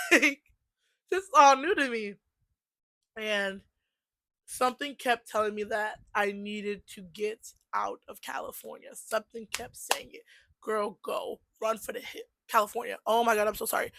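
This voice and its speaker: A young woman vlogging a personal faith testimony, telling her story in a chatty, animated way with laughs and fillers. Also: mid-range voice, dry recording. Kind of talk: casual testimony vlog.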